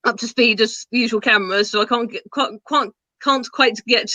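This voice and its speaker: A woman talks hesitantly on a casual online gardening show, pausing often mid-sentence. Her voice is bright and mid-pitched, picked up dry and close by a video-call mic. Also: steady tone, no echo, muffled recording. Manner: hesitant, many fillers and restarts. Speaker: gardening panelist.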